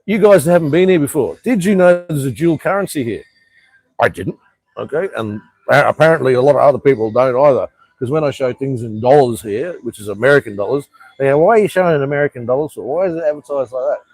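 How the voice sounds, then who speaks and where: A man chats loosely on a live stream, cracking jokes and swearing without a second thought. His voice has a husky edge, and he rambles in an easygoing, slangy way. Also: mid-range voice, expressive, a little fast, a little mellow, no room sound. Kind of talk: casual live stream chat. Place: living overseas in Cambodia.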